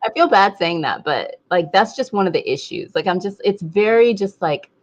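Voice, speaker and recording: A woman co-hosting a casual book club discussion, animated and quick to mimic voices. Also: mid-range voice, lo-fi sound. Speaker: podcast co-host.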